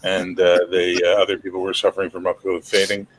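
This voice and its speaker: A man's voice: sits low, monotone, fairly quick, slight background noise. Sarcastic podcast guest, a man. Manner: sarcastic, jokey, mock voices. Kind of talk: casual chat.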